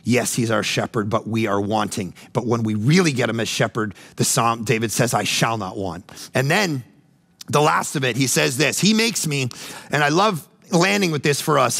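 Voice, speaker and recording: Animated, gravelly male pastor preaching. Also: mid-range voice, normal speed. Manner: animated, swings from loud mock voices to hushed calm. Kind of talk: sermon.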